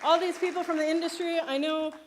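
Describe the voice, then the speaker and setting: A woman's voice: very high-pitched, little pitch movement, brisk, crowd noise, noisy background. A woman filmmaker giving an award acceptance speech, chatty and self-deprecating, laughing often between her words.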